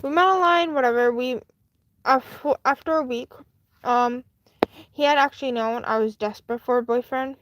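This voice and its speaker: A woman with a voice that sits high, speaking at a moderate pace, hosts a live stream and casually tells a personal story. She rambles candidly and chattily, with many fillers and restarts, against a noisy background.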